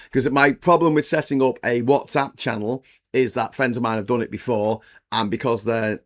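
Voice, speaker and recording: A middle-aged man from the UK hosting a casual political live stream. He is blunt and sweary, and rambles with lots of fillers. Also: lowish voice.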